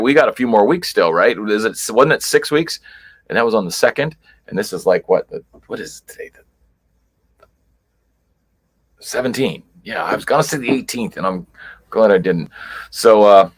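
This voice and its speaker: In a chilly basement at home, a man hosts a casual livestream, greeting viewers one at a time and rambling with plenty of fillers. His voice is lowish and a bit bright.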